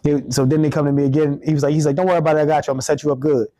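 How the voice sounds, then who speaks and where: A man's voice: a little high, level tone, very fast, dark tone, no room sound. A man, a comedian, telling a funny story in casual chat, acting out the people he quotes, with many restarts. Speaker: comedian guest.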